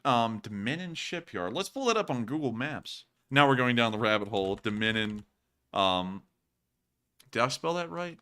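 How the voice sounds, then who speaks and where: This is a man hosting a casual live show. His voice is bright and clear, and he rambles from one tangent to the next with a joking ease. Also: mid-range voice, big pitch swings, moderate pace. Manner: chatty, rambling, joking asides. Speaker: livestream host.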